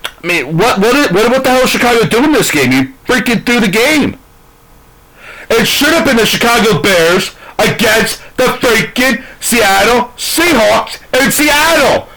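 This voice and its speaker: A man's voice: extremely high pitch, lively intonation, measured pace, sharp tone, poor audio. A man ranting through a sports recap, profane, frustrated and rambling. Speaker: sports commentator.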